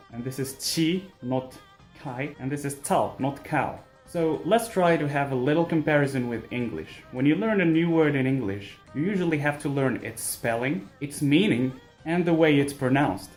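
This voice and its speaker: A man narrating a scripted language tutorial with wry, deadpan jokes. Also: medium pitch.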